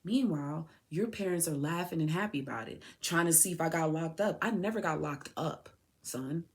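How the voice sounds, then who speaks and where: Woman, lowish voice, impassioned personal monologue, heated, rhetorical questions. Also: normal speed. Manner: heated, repeats and restarts phrases. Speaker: mother addressing her son.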